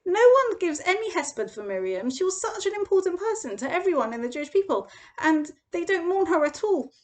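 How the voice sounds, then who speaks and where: A young woman, teaching a weekly Torah portion lesson and acting out the quoted voices with big swings. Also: fairly quick. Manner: animated storytelling, acts out quoted voices with big pitch jumps. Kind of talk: expressive parsha lesson.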